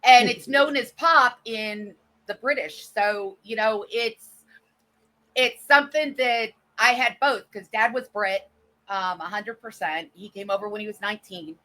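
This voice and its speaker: Bright-voiced chatty woman with a Texan twang. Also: medium pitch, measured pace. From Northeast United States. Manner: chatty, jumps between thoughts. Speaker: podcast guest, streamer. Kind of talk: casual chat.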